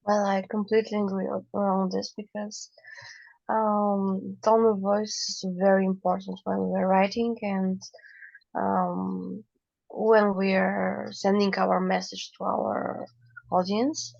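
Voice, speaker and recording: A woman joining the discussion as co-presenter, speaking in a measured, agreeable way with hesitant fillers and a creaky voice. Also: medium pitch, little pitch movement, darkish tone, no echo. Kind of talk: casual discussion. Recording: dull lo-fi dry recording.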